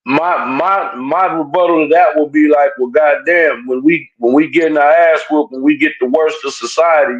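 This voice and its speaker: A man on a live stream, calmly reasoning through his point in a casual debate. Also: a little high. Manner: measured, reasoning aloud step by step. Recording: dull, lo-fi remote audio.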